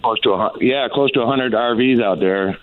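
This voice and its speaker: A man's voice: medium pitch, a little fast. A man from North Texas calling into a radio show, telling his story in a hesitant, plain way. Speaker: caller. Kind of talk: phone-in call. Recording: tinny phone line.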